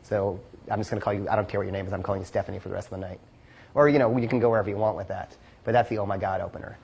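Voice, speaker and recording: A man's voice: lowish voice, steady tone, racing, gravelly, darkish tone, slight background noise. A man teaching a casual seminar as a dating coach, rambling with lots of "like" and "you know" and the odd curse.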